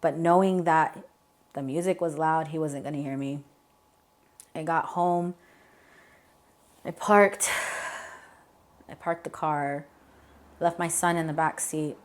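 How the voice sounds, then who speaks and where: A young adult woman as an interview guest, telling a painful personal story in a candid, halting way with many fillers. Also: low voice, steady tone. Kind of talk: emotional personal account.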